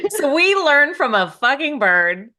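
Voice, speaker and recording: A woman's voice: high-pitched, pushed and bright. A woman co-hosting a podcast in casual chat, teasing and sincere by turns. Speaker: podcast co-host and author.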